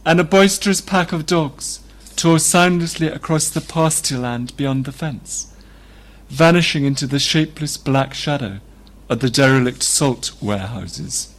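Male reader, slightly high-pitched, steady literary narration. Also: unhurried. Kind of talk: reading a novel aloud.

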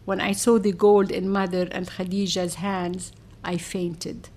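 A woman's voice: fairly low pitch, little pitch movement, unhurried, darkish tone. Woman narrating a memoir-like story. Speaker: audiobook narrator. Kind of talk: scripted first-person narration.

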